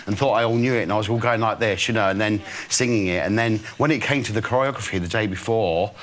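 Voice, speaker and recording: Man in his forties, lowish voice, talk-show guest; loose, rambling chat full of laughs. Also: fast, a bit bright, a little hiss or hum. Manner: chatty and rambling, laughs often. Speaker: studio guest. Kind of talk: casual chat.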